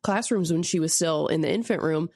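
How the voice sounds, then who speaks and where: A woman's voice: low-pitched, brisk, darkish tone, breathy edge, no room sound, clean studio sound. A woman co-hosting a podcast, chatting casually and candidly about parenting and work, swearing freely and telling stories with animation. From St. Louis area. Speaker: podcast co-host; parent of a young daughter. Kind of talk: casual chat.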